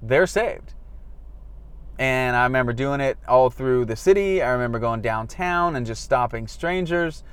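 Stuck in traffic in his car, a former street evangelist from Florida candidly and self-deprecatingly reflects on his past, acting out the lines he once used. His medium-pitched voice has lively intonation and a clear, resonant tone, recorded with no echo, and he speaks a little slowly.

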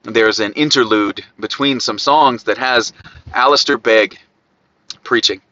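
A man with an Ohio accent preaching a podcast sermon, swinging from loud emphatic peaks to quiet asides. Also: mid-range voice, unhurried, no echo, muffled recording.

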